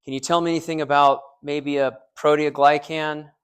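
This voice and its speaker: A man with a slightly high, smooth voice lectures a small university class at normal speed and in a level tone. He jokes, quizzes the students and repeats their answers, his loose, conversational delivery full of restarts and fillers.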